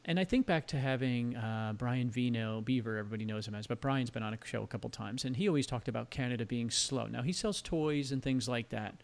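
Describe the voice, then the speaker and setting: A man hosts a relaxed podcast interview at a middling pitch. His voice has a strong gravelly fry, and he talks in eager, rambling asides. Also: a little fast, hardly any pauses. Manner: chatty, enthusiastic, rambling. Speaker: podcast host.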